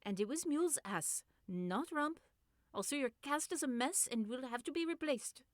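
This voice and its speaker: Brief: woman playing a blunt, scolding female doctor, audiobook, loud and high. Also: animated, normal speed, no room sound, clean studio sound. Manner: curt, scolding. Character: brusque woman doctor with a Portuguese accent.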